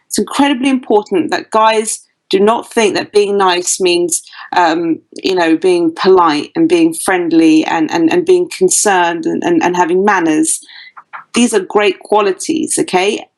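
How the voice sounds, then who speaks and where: A woman's voice: lowish voice, steady tone, measured pace, rough recording. A woman with a British accent, a dating coach guest on an interview podcast, talking bluntly and emphatically. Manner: emphatic, blunt advice-giving.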